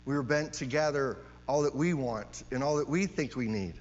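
A man's voice: mid-range voice, normal speed. A man preaching a sermon, emphatic, repeating key phrases and often asking "right?" to his listeners. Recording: long hall reverb, dull sound, mains hum.

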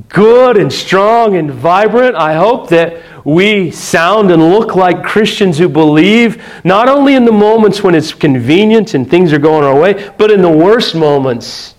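A middle-aged man preaching a sermon as a pastor, telling a personal story with earnest pauses and restarts, then dropping soft and low for tender points.

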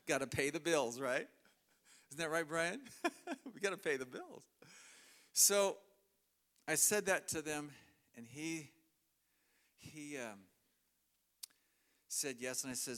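A middle-aged man delivers a sermon in a church. He tells the story with humor and laughs often as he goes. His voice sits at a middle pitch for a man. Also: moderate pace, long pauses, fairly bright tone. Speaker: preacher.

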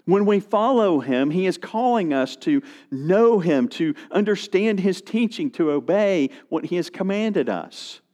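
Animated preacher man, pitch on the high side. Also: unhurried, hardly any pauses. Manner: animated storytelling with quoted voices. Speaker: pastor. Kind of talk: sermon.

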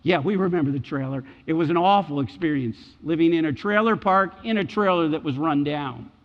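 A man's voice: fairly high pitch, a little fast, big-room sound, lo-fi sound. A middle-aged man preaching a sermon, emphatic and repeating key phrases for weight. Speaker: pastor.

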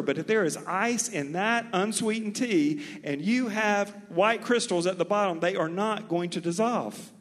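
A man from Mobile, Alabama with a Southern accent, preaching a sermon as pastor with animated, folksy storytelling. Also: sits high, slow, in a large hall.

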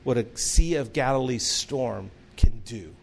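A man's voice: mid-range voice, unhurried, gravelly, slightly rough. A man preaching a sermon, earnest and storytelling, with humorous asides. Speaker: pastor.

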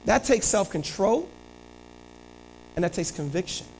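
High-voiced animated male preacher. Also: unhurried, a little hiss or hum, low-quality recording. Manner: animated storytelling, shifting between loud and quiet. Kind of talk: sermon.

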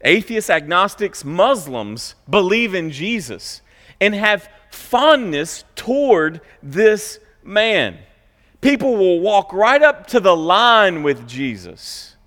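A man preaching a sermon in a church, stressing key words loudly and dropping to quiet asides. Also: very animated, slow pace, in a large hall. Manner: emphatic, swings between loud high stresses and quiet low asides. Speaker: pastor. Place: church sanctuary.

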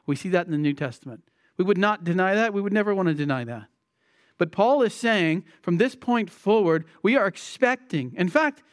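A man's voice: high-pitched, smooth, no echo, studio quality. A man preaching an expository sermon, emphatic, repeating key phrases and asking rhetorical questions.

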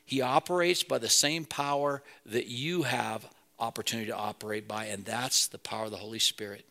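A man's voice: medium pitch, steady tone, fairly quick, vocal fry, sharp tone. A man preaching a sermon as pastor, earnest and building to emphatic peaks.

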